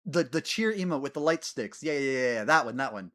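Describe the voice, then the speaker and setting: A man streaming a game, chatting casually with his viewers in a giggly, animated way. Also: mid-range voice, brisk. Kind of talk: casual gaming stream chat.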